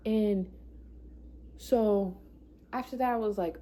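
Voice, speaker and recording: A woman's voice: mid-range voice, takes it slowly, warm tone. A young adult woman telling a personal story in a casual vlog, emotional and profane, often repeating herself for emphasis. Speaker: vlogger.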